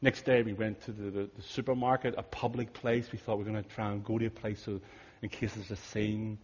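Husky male pastor, conversational sermon storytelling, dull audio in a long-echo hall. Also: on the low side, level tone, brisk. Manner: earnest, conversational, drops to hushed tones.

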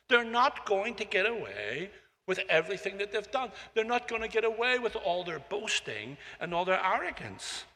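A man preaching a sermon in a relaxed, conversational way, with frequent "you know"s and repeated phrases. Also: high voice. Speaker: pastor. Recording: long hall reverb.

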